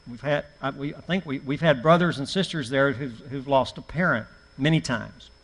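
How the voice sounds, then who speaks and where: A man's voice: medium pitch, moderate pace, a bit bright. A middle-aged man, a preacher, teaching a church class in a folksy, anecdotal way with self-mocking humor. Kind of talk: conversational church class talk. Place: church hall. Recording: long hall reverb from a live church stream.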